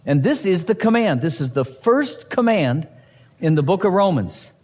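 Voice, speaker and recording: A man's voice: high-pitched, very animated, moderate pace, a little mellow. A man preaching a sermon as pastor, teaching a passage verse by verse with emphatic asides and touches of humor. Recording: husky voice in a hall with long reverb.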